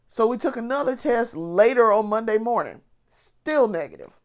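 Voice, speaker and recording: A woman vlogger with a slightly high voice and lively intonation rants bluntly at a normal pace. She's sick with covid, congested and coughing, swearing freely and restarting sentences in this casual vlog.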